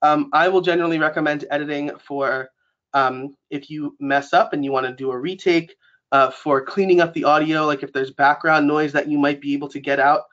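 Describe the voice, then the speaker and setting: A man's voice: fairly high pitch, steady tone, a little fast, fairly bright tone. A man from New York with a New York accent, presenting a casual webinar and talking it through with lots of fillers. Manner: chatty, many fillers like um and like. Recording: dull lo-fi webinar audio.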